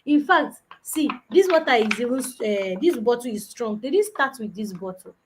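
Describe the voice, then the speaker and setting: A woman's voice: on the high side, lively intonation, moderate pace, slight background noise. A young adult woman, giving a conversational business talk that keeps checking in with "you understand?" and acts out customers. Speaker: business coach. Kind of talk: conference talk.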